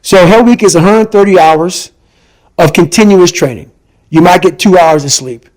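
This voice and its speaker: On poor audio, a man appearing as a podcast guest tells a difficult personal story at a moderate pace, his fairly high voice a little mellow. He speaks with intensity and emphasis, repeating lines so each point lands.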